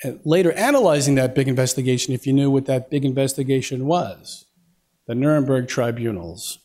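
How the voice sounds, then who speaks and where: A man's voice: mid-range voice, a little fast, darkish tone. A man giving a folksy talk to an audience, telling a family story with lots of quoted dialogue and casual fillers. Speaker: guest speaker. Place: lecture hall.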